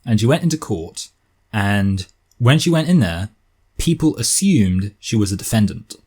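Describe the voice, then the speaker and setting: Speaking at a moderate pace, this young man's lowish, mellow, husky voice swings widely in pitch. He has a posh southern English accent and delivers a rambling, argumentative opinion piece full of self-corrections.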